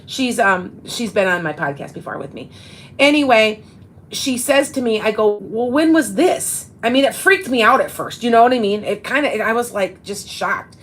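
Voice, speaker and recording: Hosting a casual live show, a psychic medium in her fifties speaks animatedly at a moderate pace in a fairly high, slightly bright voice. Her talk wanders and restarts a lot, captured on a low-quality recording.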